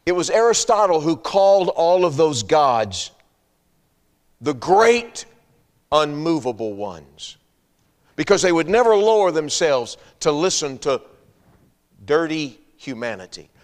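A man's voice: on the high side, sing-song, a little slow, pauses often. A man preaching a sermon in an emphatic, repetitive style, firing rhetorical questions and dropping humorous asides. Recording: long hall reverb.

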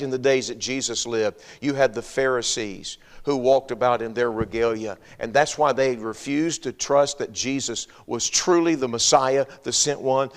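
A man preaching a sermon in an emphatic, repetitive style, firing rhetorical questions and dropping humorous asides. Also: medium pitch. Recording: long hall reverb.

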